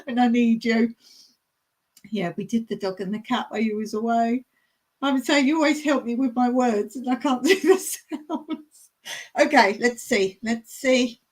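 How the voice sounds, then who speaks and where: A woman's voice: on the high side, measured pace. A woman hosting a casual live chat, giggly and chatty as she reads out viewer comments. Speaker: livestream host.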